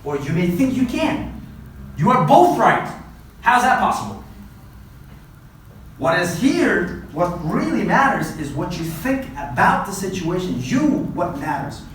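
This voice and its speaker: Man from Uzbekistan, motivational presenter, lively voice that swings in pitch, heavy room echo heard from a distance. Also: unhurried. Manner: animated, repeats himself, keeps asking "right?". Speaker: guest presenter at a language academy. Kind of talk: motivational talk to students. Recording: heavy echo, far from mic, faint noise.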